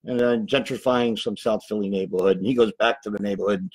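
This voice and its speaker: A male actor guesting on a podcast chats casually about his projects, loose, rambling and easily sidetracked. His voice is on the low side, steady and a little mellow, he talks fast, and the recording is rough.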